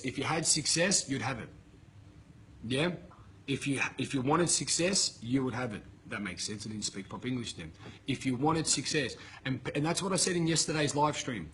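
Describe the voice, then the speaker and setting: A man's voice: mid-range voice, animated, normal speed, sharp tone, slight background noise. A man giving a blunt, emphatic motivational talk to camera, swearing freely and ranting at his listeners. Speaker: motivational coach. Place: filmed in Bali with a camera operator.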